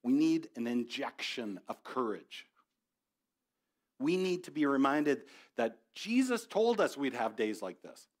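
A man's voice: medium pitch, very animated, unhurried. A middle-aged man preaching a sermon as a pastor, conversational and building to passionate exhortation.

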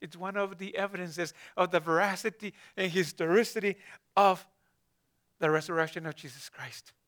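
A man's voice: high voice, normal speed, a bit bright. A man preaching a conversational sermon, asking his listeners rhetorical questions and addressing some of them by name.

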